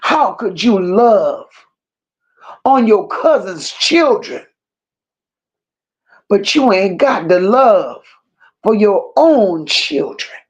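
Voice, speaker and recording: In an unscripted livestream rant, a woman hosting a commentary channel speaks slowly, emphatically and with scorn, pausing to read viewer comments aloud. Her mid-range voice is animated.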